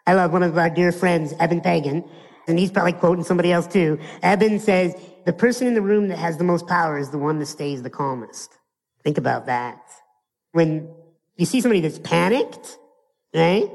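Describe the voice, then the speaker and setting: Gravelly-voiced man speaking in a big hall. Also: high-pitched. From United States. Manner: animated, acts out little scenes and asks the audience rhetorical questions. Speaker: motivational speaker. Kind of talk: live keynote speech.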